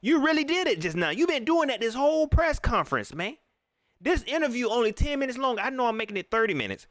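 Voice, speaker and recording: A man's voice: extremely high pitch, very animated, fast talker, a bit bright, no echo, studio quality. A man hosting a post-game livestream, ranting in repetitive casual slang. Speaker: livestream host.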